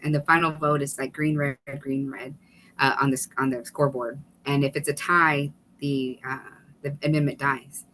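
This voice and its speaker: A woman guest on a video call webinar, telling an animated story with quick asides and laughter. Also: a bass voice, slight background noise, poor audio. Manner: animated, fast-paced storytelling with laughs and restarts. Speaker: guest, author and former state legislator.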